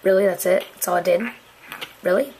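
A young woman casually commentating a video game for her channel, goofy and chatty, often yelling a silly catchphrase. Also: fairly low pitch, a little fast, gravelly, a little hiss or hum, rough recording. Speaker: gaming channel host. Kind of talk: casual let's-play commentary.

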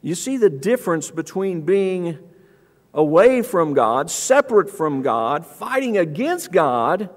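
Animated preacher in a reverberant church. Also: male voice, slow pace. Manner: animated, acts out scripture quotes with raised pitch. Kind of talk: sermon. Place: church auditorium. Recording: long church hall reverb.

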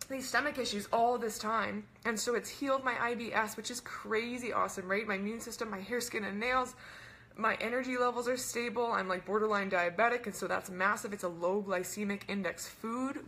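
Bright, chatty young woman. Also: mid-range voice, slight background noise. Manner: fast, bubbly, chatty with lots of "like" and "right?". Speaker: wellness coach hosting a webinar. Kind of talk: casual chat.

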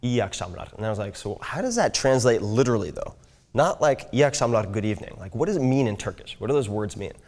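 Guy explaining language tricks to a crowd, kinda low voice, chatty, lots of "right?". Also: expressive, fast talker, hardly any pauses, a little mellow. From United States. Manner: conversational, frequent "right?" check-ins. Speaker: speaker teaching language learning. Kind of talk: casual explanatory talk.

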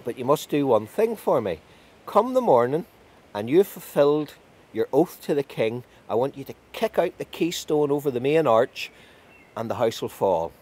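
A man voicing a cranky male king of the fairies who shouts and scolds impatiently. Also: medium pitch, big pitch swings, moderate pace, husky, voice pushed up.

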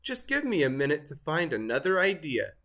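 A storybook reader voicing an excitable male turkey with a high squawky gobbling voice. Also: a little fast. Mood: eager. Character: excitable male turkey who loves secret valentines. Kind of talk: storybook read-aloud.

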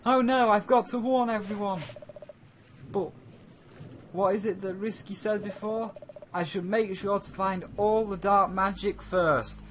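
A man's voice: high voice, steady tone, a little slow, fairly bright tone, a little hiss or hum, pitched above the performer's own voice. A man voicing an earnest young female hero in a raised voice, reading game dialogue. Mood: worried.

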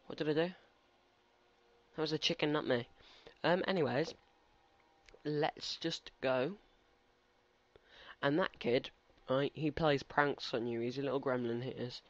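A man's voice: medium pitch, steady tone, a little slow, long pauses, no room sound. A teenage man giving rambling, chatty let's-play commentary and talking back to game characters. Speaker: gaming commentator. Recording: slightly muffled lo-fi recording.

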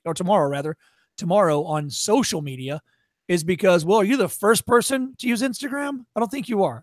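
Male workshop presenter, high voice, dry sound; blunt, profane, tough-love delivery. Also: no echo. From Chicago area. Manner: acts out shopkeepers in quick voices. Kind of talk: workshop lecture.

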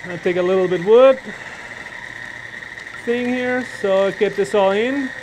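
Chef guy doing a live cooking class in his kitchen, high-ish voice, jokey and chatty the whole way. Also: takes it slowly, a little mellow, slight background noise. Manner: chatty, joking, explains as he works. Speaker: chef instructor.

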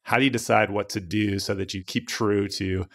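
A man co-hosting a podcast, talking in a relaxed, thoughtful, casual way. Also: lowish voice, normal speed. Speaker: podcast co-host.

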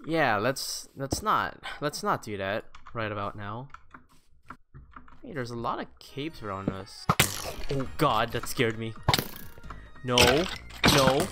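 A man giving casual gameplay commentary, excitable and self-mocking, talking to the creatures in his game. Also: mid-range voice, slow, pauses often. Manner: excitable, self-mocking, talks to the game's mobs. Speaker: gaming YouTuber. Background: background music.

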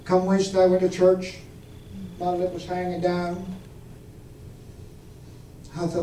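A man's voice: high voice, monotone, unhurried, pauses often, mellow. A man preaching a storytelling sermon, telling his own testimony in a folksy way and putting questions to the congregation. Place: church. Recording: echoey room from far off, faint noise.

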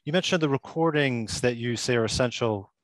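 Fast-talking man asking a question. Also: medium pitch, no room sound. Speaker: workshop participant. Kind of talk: asking a question on a video call.

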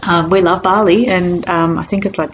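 A woman's voice: on the low side, steady tone, normal speed. Hesitant woman telling her story. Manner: hesitant, many ums and restarts, laughs easily. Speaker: convert sharing her story. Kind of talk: casual personal testimony. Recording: dull lo-fi recording, faint noise.

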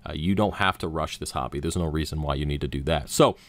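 A man's voice: very deep voice, fast talker. A man hosting a hobby channel, casually explaining aquarium care to camera and correcting himself with frequent fillers. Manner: relaxed, self-correcting, frequent "uh" and "um". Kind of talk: casual how-to talk to camera.

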